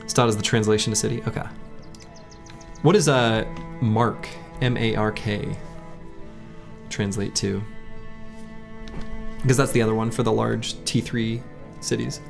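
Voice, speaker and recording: Gravelly man streaming a game. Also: lowish voice, steady tone, unhurried, pauses often, music in the background. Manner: laid-back, thinking aloud, chatting with viewers. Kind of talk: casual gameplay commentary.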